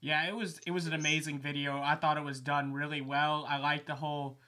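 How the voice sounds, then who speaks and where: A man's voice: fairly high pitch, little pitch movement, a little fast, pushed and bright. A man interviewing guests in an easygoing, friendly way. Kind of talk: casual interview.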